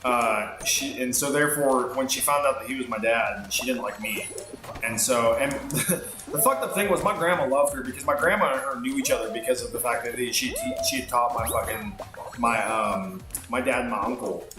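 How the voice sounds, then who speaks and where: A man's voice: mid-range voice, normal speed, roomy sound, over music. A man telling a rambling, profane story while playing a game, full of fillers. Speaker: streamer. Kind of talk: casual storytelling while gaming.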